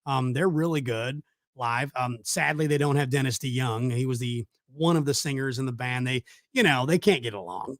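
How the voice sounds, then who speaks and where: A man's voice: mid-range voice, normal speed, fairly bright tone, no room sound, clean studio sound. A middle-aged man hosting a casual live show, rambling with many fillers and restarts. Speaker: host. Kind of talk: casual chat on a live stream.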